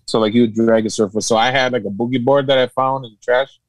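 A man's voice: mid-range voice, steady tone, quick pace, no room sound, poor audio. A man from Hawaii, a podcast guest, telling stories in a laid-back, slangy way with laughs. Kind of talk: casual podcast chat.

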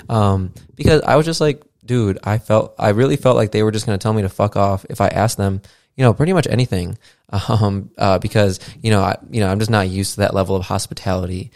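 A man's voice: on the low side, fast talker, vocal fry, a little mellow, no room sound. A man hosting a casual solo podcast, rambling with lots of fillers and casual swearing, into a studio mic. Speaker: podcast host. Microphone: podcast mixer with studio mic.

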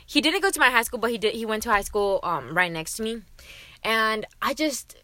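Young woman, podcast co-host, casual reactions, bright tone, dry sound. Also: fairly high pitch, lively intonation, no room sound. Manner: laughs along, quick reactions. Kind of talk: casual chat.

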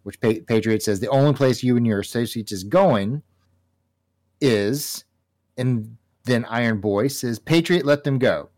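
A man co-hosting a casual comic book talk show, animated and laughing often as he reads panels aloud. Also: medium pitch, unhurried. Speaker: podcast co-host.

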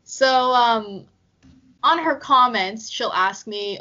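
A woman's voice: a little high, animated, slow pace, sharp tone. A young woman chatting casually on a podcast, giggly and full of fillers. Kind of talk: casual chat. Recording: dull lo-fi sound.

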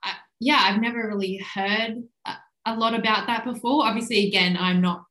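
A woman's voice: fairly high pitch, fairly even intonation. A woman hosting a podcast, chatting casually and agreeing often with her guest. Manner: warmly agreeing, quick bursts of laughter. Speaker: podcast host. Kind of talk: casual chat. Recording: echoey room.

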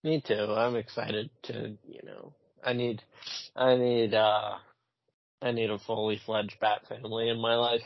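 A man co-hosting a casual podcast about comic-book films, animated and blunt, swearing often and repeating himself as he talks. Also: on the low side, unhurried, no echo. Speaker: podcast co-host. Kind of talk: casual chat. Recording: dull lo-fi sound.

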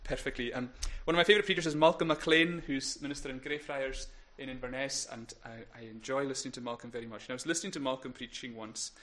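A man preaching a sermon in a church, earnest and pleading, moving between soft, quiet appeals and emphatic, rising passages. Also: medium pitch, steady tone, fast, few pauses. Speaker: pastor.

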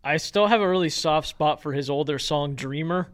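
A man's voice: on the high side, normal speed. A young man co-hosting a casual podcast, joking around and playfully singing bits. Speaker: podcast co-host. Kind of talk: casual chat.

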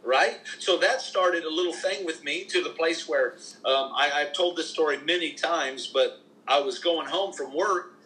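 A middle-aged man, a minister, telling faith stories in an animated, emphatic preaching style as a podcast guest. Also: on the high side, normal speed, low-quality recording. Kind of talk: conversational preaching testimony.

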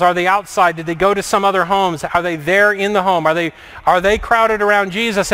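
A man preaching a reflective sermon, asking many questions and moving between lively and hushed delivery. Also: sits high. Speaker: pastor.

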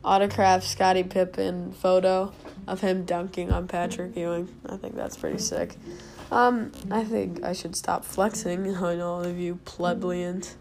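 A young woman hosts a casual solo podcast from home, rambling along with self-mocking asides. Her voice is lowish, with creaky vocal fry, and she keeps a measured pace.

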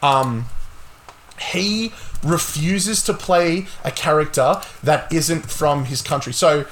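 A young man hosting a casual gaming podcast, talking excitedly and swearing a lot. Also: a little high, slow pace, slight background noise. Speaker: podcast host.

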